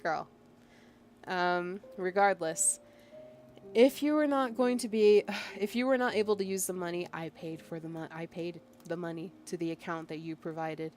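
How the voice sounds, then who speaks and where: This VTuber's voice sits on the low side with a darkish tone and normal speed, soft music playing underneath. She vents casually over a chat log she reads out, exasperated and emphatic, with lots of fillers and bursts of laughter.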